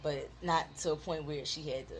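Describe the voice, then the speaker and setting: A woman, telling a childhood story in casual chat with her husband, animated and laughing often. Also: sits low, a little fast, over a noisy crowd. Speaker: co-host of a couples channel.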